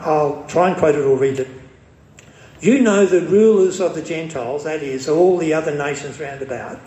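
A man preaching a sermon, emphatic and slowing down to stress quoted scripture. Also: on the high side, darkish tone, reverberant, slight background noise, rough recording.

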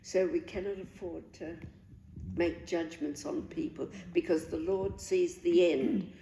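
An older woman telling a personal faith story in an earnest, halting way, with pauses and restarts. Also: on the low side, steady tone, gravelly, warm tone, a little hiss or hum. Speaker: guest sharing a faith testimony. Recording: echoey room.

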